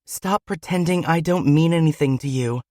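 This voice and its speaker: A man voicing a hurt, defiant young woman in an audiobook, speaking softly but pointedly. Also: a little high, normal speed, no echo, studio quality, pitched above the performer's own voice, natural voice.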